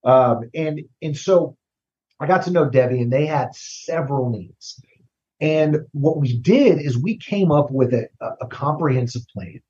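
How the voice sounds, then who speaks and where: A man's voice: on the high side, measured pace, darkish tone. Man telling stories in dull lo-fi audio. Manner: conversational, repeats words, tags "right?". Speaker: recruiting consultant guest. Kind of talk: casual interview storytelling.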